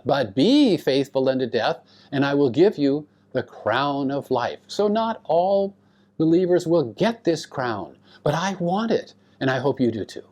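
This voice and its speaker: Male Bible lecturer, slow and deliberate, with a pitch that rises and falls a lot, and he asks his listeners questions. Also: a little mellow. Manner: explains Greek grammar to students. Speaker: Bible teacher.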